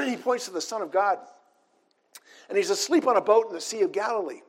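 Man, sermon, high voice, husky, earnest scripture reading. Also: lively intonation, normal speed. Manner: earnest, reads scripture aloud. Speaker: preacher.

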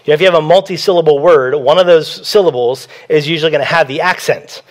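High-voiced man preaching a sermon. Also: fast talker. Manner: conversational preaching that repeats key phrases. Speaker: pastor.

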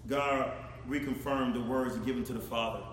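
A man preaching a sermon, speaking straight to his congregation, swinging from shouted emphasis to low, quiet asides. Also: moderate pace, a little hiss or hum. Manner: animated, addresses congregation directly, rises to shouts then drops low. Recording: echoey hall with faint ambience.

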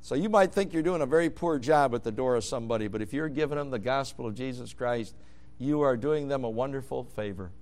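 A man preaching a sermon, moving from quiet storytelling into loud, fervent hollering. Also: mid-range voice, a little fast.

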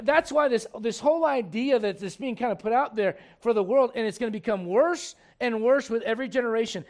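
High-voiced emphatic preacher man. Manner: emphatic, conversational preaching with rhetorical questions. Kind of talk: sermon.

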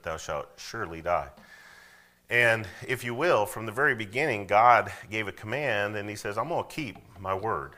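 A pastor with a deep, sharp-toned voice preaches a sermon conversationally. He makes frequent asides and calls on the congregation to recite verses along with him.

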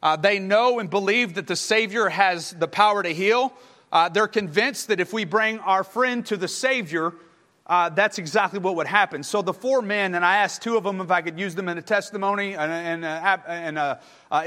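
A man with a high voice delivers a storytelling sermon, full of "uh" fillers and quick restarts. His voice rings out with a long reverb, as in a large church hall. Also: bright, forceful tone. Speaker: preacher.

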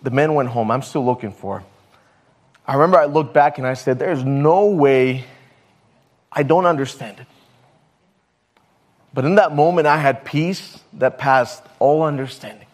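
A man's voice: mid-range voice, a little fast. A man preaching a sermon, telling a story and stumbling over his words now and then. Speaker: pastor.

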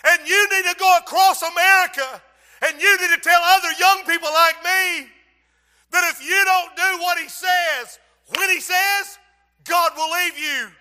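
A man preaching voices a desperate young woman who wails and shouts, in an echoey church hall. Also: steady tone, a little slow, exaggerated voice. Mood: pleading. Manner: wailing, high and shouted.

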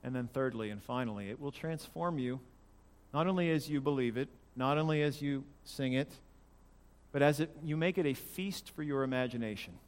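A male pastor preaching a sermon, emphatic and swinging from loud declarations to hushed lines. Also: medium pitch, normal speed, big-room sound.

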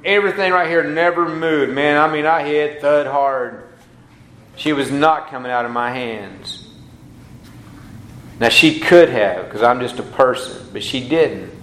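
Male pastor, high pitch, emphatic sermon delivery that swings from hushed to loud, roomy church sound. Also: unhurried, a little hiss or hum.

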